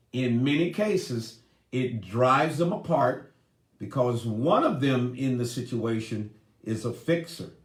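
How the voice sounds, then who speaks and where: A man giving an earnest talk on men and grief, speaking directly to his listeners. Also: mid-range voice. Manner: earnest, deliberate, addresses audience directly. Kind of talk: seminar talk. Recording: roomy echoey room.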